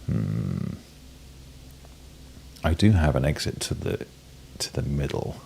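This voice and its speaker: A man's voice: rumbling low, sing-song, slow pace, gravelly, warm tone, a little hiss or hum. A British man with a cold, giving wry, playful commentary while playing a game, with many ums and restarts. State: has a cold, coughing and sneezing. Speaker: game streamer. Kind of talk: casual gameplay commentary.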